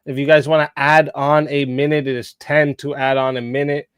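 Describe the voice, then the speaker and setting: Smooth-voiced man hosting a debate stream. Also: fairly high pitch, flat delivery, normal speed, dry recording. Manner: casual, says bro a lot. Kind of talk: live stream moderating.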